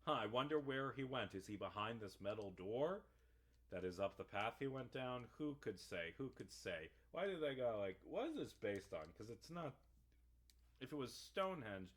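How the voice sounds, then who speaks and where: Man, low-pitched voice, tired, rambling game commentary, casual, emphatic when ranting. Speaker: gaming vlogger. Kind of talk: casual let's-play commentary.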